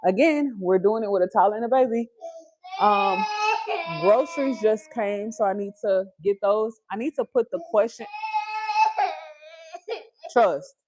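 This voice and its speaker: Chatty young mom on a livestream. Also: female voice, medium pitch, lively intonation, unhurried, long pauses, darkish tone, a little hiss or hum. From Houston, Texas. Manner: chatty, breaks off to coax and scold her toddler. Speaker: livestream host. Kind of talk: casual livestream chat. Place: busy family home with children.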